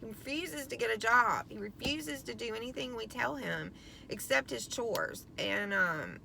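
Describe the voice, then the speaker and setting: Gravelly-voiced woman venting, profane and rambling. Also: fairly high pitch, lively intonation, a little slow, pushed and bright, a little hiss or hum. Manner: frustrated, profane, rambling with many ums. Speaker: vlogger, parent of a teenager. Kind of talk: casual venting to camera.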